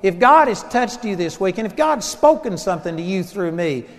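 High-voiced Texan preacher in a reverberant hall. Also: male voice, sing-song, moderate pace. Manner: storytelling preacher, swings between loud emphasis and soft asides. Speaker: pastor. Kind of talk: sermon.

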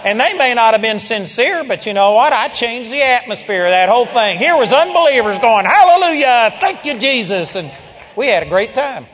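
An older man preaching a sermon, telling stories in a lively way and now and then bursting into loud shouts of praise. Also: extremely high pitch, a little fast, hardly any pauses, a little hiss or hum. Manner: storytelling, animated, breaks into loud praise shouts. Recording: long hall reverb.

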